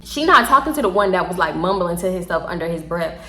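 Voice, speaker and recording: A woman with a Houston accent telling a story casually to her viewers, animated, slangy and quick to laugh. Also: on the low side, a little hiss or hum. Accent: Southern US, Houston. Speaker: storytime vlogger. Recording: echoey room.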